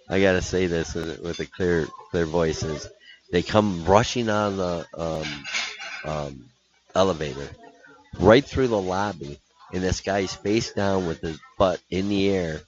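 A man's voice: deep voice, noisy background. A man, a hockey coach, telling a rambling road-trip story in casual podcast chat. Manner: animated, laughing storyteller with many restarts. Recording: dull lo-fi podcast audio.

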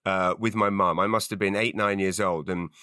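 Low-voiced English man, dry and bright. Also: steady tone, normal speed, clean tone, no echo. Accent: English, southern England. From England. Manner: eager, repeats words while starting sentences. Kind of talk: casual interview chat.

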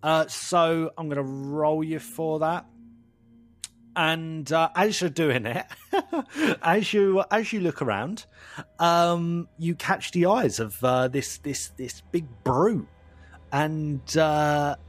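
A man's voice: on the high side, takes it slowly. A man narrating a tabletop role-playing game as game master, playful and laughing often.

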